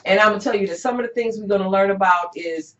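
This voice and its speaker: A woman hosting a casual interview as an herbalist, talking in a relaxed, drawn-out way with many fillers. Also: medium pitch. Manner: relaxed, drawn-out, with frequent "you know" and "um". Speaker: herbalist host. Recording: roomy, dull-sounding recording.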